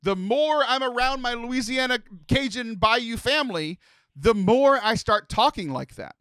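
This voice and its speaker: Male podcast host from Texas, animated rambler, bright tone. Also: extremely high pitch, a little slow, smooth, no room sound. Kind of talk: casual podcast chat.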